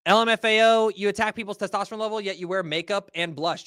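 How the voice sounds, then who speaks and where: A man's voice: high voice, fairly quick, pauses often, fairly bright tone, no echo, studio quality. A man hosting a livestream, ranting casually and profanely to his chat in slangy talk. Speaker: host. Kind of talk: livestream market rant.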